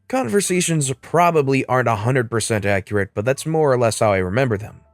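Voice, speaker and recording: A man's voice: medium pitch, animated, a little fast, no echo, clean studio sound. Man narrating online stories, faint music. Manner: reads stories aloud and addresses viewers. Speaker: Reddit story narrator. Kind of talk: scripted story narration.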